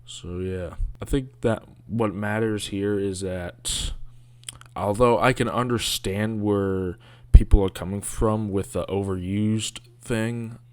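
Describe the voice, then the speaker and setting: A man's voice: on the low side, fairly even intonation, slow, smooth, no room sound. A man giving casual, rambling commentary on a video, sarcastic and grumbling, with mocking asides.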